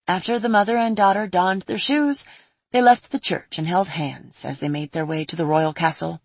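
A woman narrates a fantasy tale in a steady, even read. Her voice is low and breathy. The recording is dry and close. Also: no room sound. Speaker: audiobook narrator.

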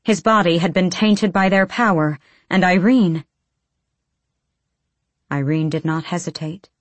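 A woman narrating a fantasy audiobook in a measured, low-key storytelling manner. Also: dry recording.

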